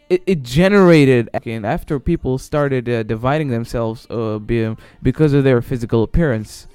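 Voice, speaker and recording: A man's voice: medium pitch, moderate pace, hardly any pauses, a little mellow, clear, resonant tone, no room sound. A man hosting his own solo podcast, rambling casually and swearing, with many fillers and restarts. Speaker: podcast host. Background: faint background music.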